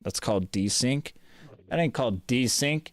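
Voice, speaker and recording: A man streaming a game live, grumbling and swearing, his voice swinging between loud gripes and quiet mutters. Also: mid-range voice, expressive, normal speed. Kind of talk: live gameplay chat.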